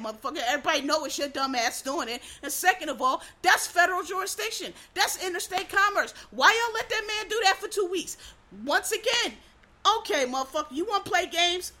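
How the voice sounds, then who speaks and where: A woman ranting in a blunt, heated comedic style, swearing constantly and swinging between loud outbursts and low muttering. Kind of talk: profane comedic rant.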